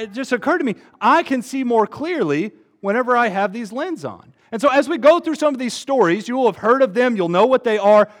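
A man in his twenties preaching a sermon, earnest and expressive, rising to emphatic peaks. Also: high-pitched. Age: 20s.

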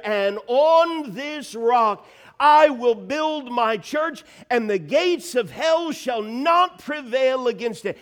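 A man preaching a sermon, reading Scripture and building to emphatic, rising bursts. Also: extremely high pitch. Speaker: pastor.

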